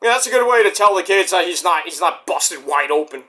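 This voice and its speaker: An animated man rambles through wrestling chat, his voice swinging up and down as he goes. He swears freely and has a bright, forward tone. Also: sits high, fairly quick, few pauses. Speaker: podcast host.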